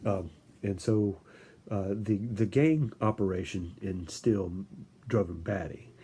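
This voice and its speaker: A man giving an informal lecture, halting, with frequent restarts and filler words. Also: low voice, a little hiss or hum. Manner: animated storytelling with acted-out quotes.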